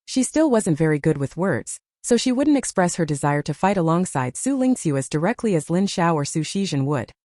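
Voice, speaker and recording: A woman reads a novel aloud as a scripted audiobook narration. Her voice sits low and mellow and moves freely up and down in pitch. The sound is close and dry, with no room around it. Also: sing-song, brisk, hardly any pauses, no room sound.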